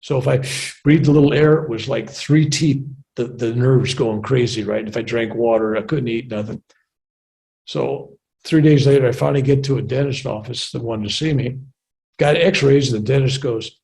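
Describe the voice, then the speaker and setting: A man's voice: mid-range voice, normal speed, creaky, dark tone, low-quality recording. An older American man telling a personal story in a chatty way, often asking "right?" and repeating himself. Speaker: guest speaker. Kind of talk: casual storytelling.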